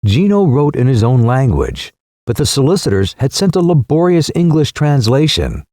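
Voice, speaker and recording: With a mid-range, mellow voice, a man narrates a scripted audiobook expressively. His storytelling is captured in clean studio audio, free of any room sound.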